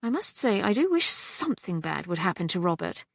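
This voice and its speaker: A woman voicing a kind, breezy young English heiress who talks briskly and teasingly. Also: fairly low pitch, sing-song, vocal fry, no echo, clean studio sound, heavily acted.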